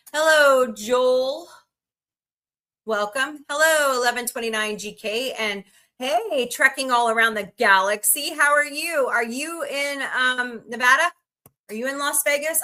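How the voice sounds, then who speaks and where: A woman's voice: a little high, bright, forceful tone. A woman hosting a casual livestream, chatting, greeting viewers by name and rambling through asides. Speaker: livestream host.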